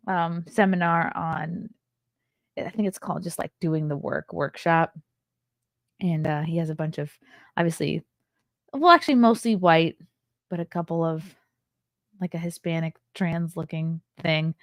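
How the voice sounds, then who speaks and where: Chatty woman streamer, low voice. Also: no echo, studio quality. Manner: chatty, rambling, sarcastic asides. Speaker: streamer reviewing a film and reading chat. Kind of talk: casual live-stream chat. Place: home desk setup with webcam.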